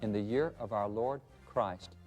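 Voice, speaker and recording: A man's voice: fairly low pitch, a little slow, darkish tone, faint music behind. A man speaking as a guest historian, emphatic and fond of lists of rhetorical questions. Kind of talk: interview answers, then scripted narration.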